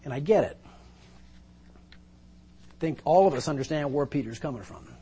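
A man's voice: on the high side, animated, moderate pace, warm tone, husky. A male pastor preaching a sermon, retelling a Bible story vividly and with emphasis, pulling listeners into the scene.

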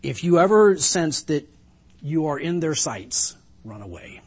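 A middle-aged preacher with a husky, slightly high voice speaks earnestly and reflectively. He leans hard on certain lines for emphasis. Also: measured pace. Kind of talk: sermon.

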